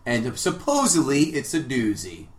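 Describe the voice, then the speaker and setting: A man's voice: medium pitch, wildly swooping pitch, measured pace, echoey room, a loud crowd. A man hosting a podcast, trading crude, blunt banter and telling stories in a loose, profane way. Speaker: podcast host.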